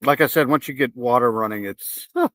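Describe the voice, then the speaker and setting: A man's voice: medium pitch, a little fast, fairly bright tone, no room sound. A man hosting a live stream, reacting to video clips with repeated exclamations, curses and nervous laughter.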